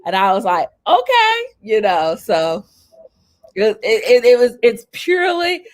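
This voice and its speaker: A woman from North Carolina, a celebrity publicist telling stories as an interview guest, animated and acting out what people said in a raised voice. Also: medium pitch, measured pace. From North Carolina, USA. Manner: animated, acts out quotes in a raised voice. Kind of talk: storytelling in an interview.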